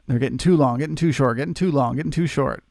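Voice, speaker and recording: A man's voice: medium pitch, fast talker, creaky, darkish tone, no room sound, clean studio sound. A man hosting a live trading stream, answering chat and coaching viewers in an earnest, emphatic way. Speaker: trading livestream host.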